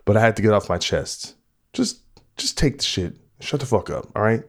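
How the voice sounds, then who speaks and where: Low-voiced man ranting profanely. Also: lively intonation, normal speed, vocal fry, pauses often. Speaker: podcast host. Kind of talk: casual podcast rant.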